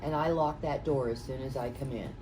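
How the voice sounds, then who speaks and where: A woman's voice: a bass voice, a little fast, over music. A middle-aged woman running a real estate training session, telling folksy stories to a small group. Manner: folksy, anecdotal, chatty storytelling. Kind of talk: classroom training talk. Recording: distant mic with room noise.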